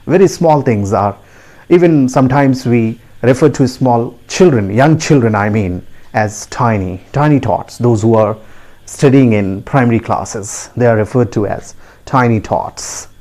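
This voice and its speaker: Indian english guy teaching pronunciation, warm mellow voice, goes slow and says everything twice, keeps asking right?. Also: expressive. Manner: repetitive, deliberate, asks the listener with a high rising "right?". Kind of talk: video lesson.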